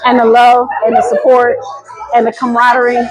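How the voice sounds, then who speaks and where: A woman hosting a podcast in casual chat, lively and excitable, recorded at a bookstore event. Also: a little high, normal speed, breathy edge, dull audio. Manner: lively, excitable, laughing a lot. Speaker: podcast host. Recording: noisy crowd chatter.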